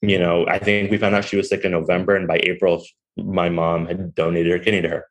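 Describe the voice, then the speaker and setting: Very deep-voiced man telling a story. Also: little pitch movement, brisk, poor audio. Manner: candid, rambling, many fillers. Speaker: podcast guest, restaurant owner. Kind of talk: conversational storytelling.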